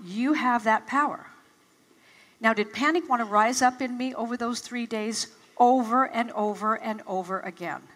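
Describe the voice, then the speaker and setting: A woman's voice: fairly high pitch, normal speed, a bit bright. An older woman giving a motivational talk to a live audience, telling stories and acting out her own past reactions with animation. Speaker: motivational speaker. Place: large event hall. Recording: reverberant hall.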